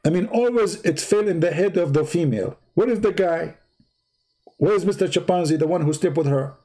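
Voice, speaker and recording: A man hosting a livestream, retelling a story in a mocking, animated way and speaking broken, non-native English. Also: fairly quick. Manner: mocking, animated storytelling with big pitch swings. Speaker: livestream host. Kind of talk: casual livestream commentary.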